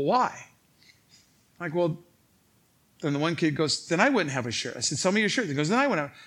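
A pastor with a Chicago accent, telling a funny story in a sermon to his congregation and acting out the voices in the dialogue. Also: high voice. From Illinois. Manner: animated, joking, acts out quoted dialogue. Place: church stage before a congregation.

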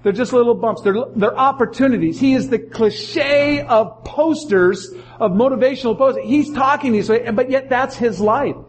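High-voiced pastor telling stories. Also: male voice, normal speed, few pauses. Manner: animated storytelling, acts out quotes. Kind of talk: sermon.

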